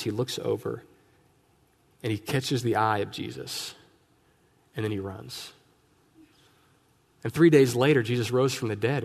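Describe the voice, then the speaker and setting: A man preaching a sermon as pastor, telling Bible stories in a lively way and acting out the characters' lines. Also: mid-range voice. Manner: animated storytelling, acting out voices of Bible figures. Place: church sanctuary. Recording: long reverb of a church hall.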